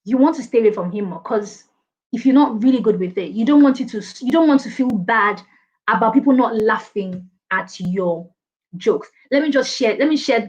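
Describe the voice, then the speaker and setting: A woman's voice: medium pitch, darkish tone. A woman coaching an online class on presentations, reading out viewer comments and laughing often. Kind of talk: live online training session. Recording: dull lo-fi stream audio.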